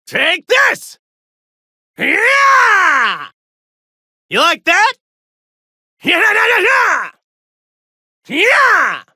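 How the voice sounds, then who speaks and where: Heroic young fighter, fighting game clips, high bright voice, big pitch swings, dry studio mic. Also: female voice, wildly swooping pitch, extremely slow, pauses often, dry recording, exaggerated voice. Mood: fierce battle cries. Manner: shouted battle cries, cheerful and cocky. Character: heroic young male martial-arts warrior. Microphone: close studio mic.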